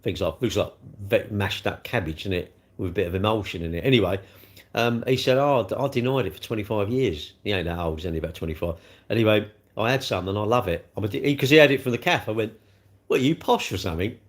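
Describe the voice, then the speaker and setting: A man's voice: lowish voice, animated, quick pace. An older man, hosting a casual livestream, chatting in a rambling, blunt way while he answers viewer comments. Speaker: livestream host.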